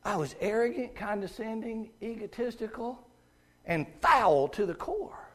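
Southern male preacher, high voice, folksy sermon style, swings between hushed and shouting. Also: expressive, measured pace. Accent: Southern American. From American South. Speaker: guest preacher.

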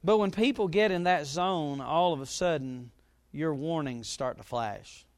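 A middle-aged man, a pastor, preaching a sermon and telling a story, his voice now and then jumping up loud. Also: fairly high pitch, measured pace. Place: church.

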